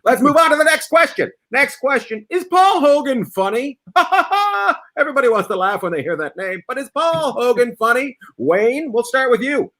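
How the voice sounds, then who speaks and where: A man hosts a comedy quiz show over a video call. His voice is high and bright, with big swings in pitch, and he laughs constantly while egging his guests on. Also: very animated, moderate pace, few pauses. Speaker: host of an online comedy panel show. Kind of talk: playful game-show hosting.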